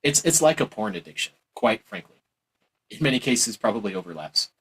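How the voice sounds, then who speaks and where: A man giving a heated, preachy opinion monologue on politics, mocking others in exaggerated high voices. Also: lively intonation, brisk, a bit bright, slightly rough, low-quality recording. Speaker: political commentator.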